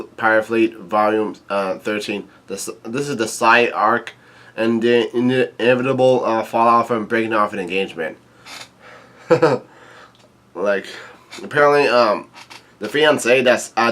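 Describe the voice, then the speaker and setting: A man giving a casual, laid-back read-through of a comic chapter, halting with many ums, uhs and restarts. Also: on the low side, a bit bright. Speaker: YouTube manga reviewer.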